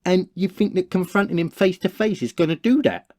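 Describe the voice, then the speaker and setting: Man doing a timid young cartoon roommate, mellow voice, swinging pitch, dry recording. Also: animated, fairly quick, no room sound. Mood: worried. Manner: hesitant, stammering when cornered. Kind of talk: cartoon voice acting.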